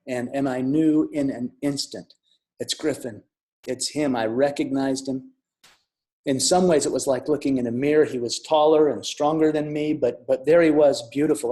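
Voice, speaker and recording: A middle-aged man telling a personal story in an earnest, reflective way, with restarts and soft drops in volume. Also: mid-range voice. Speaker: speaker sharing a near-death experience. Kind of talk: personal storytelling talk with audience questions. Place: online summit talk.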